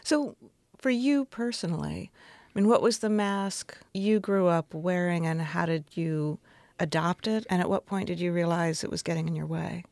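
A woman's voice: lowish voice, moderate pace, vocal fry, darkish tone, dry recording. A woman interviewing a guest, asking probing, thoughtful questions.

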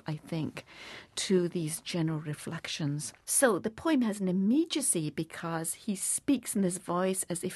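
A woman guest talking about a poet and his verse, explaining in a lively, expressive way. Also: fairly low pitch, husky, no echo. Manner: expressive, animated recitation. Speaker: guest speaker on poetry. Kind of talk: explaining and reciting poetry.

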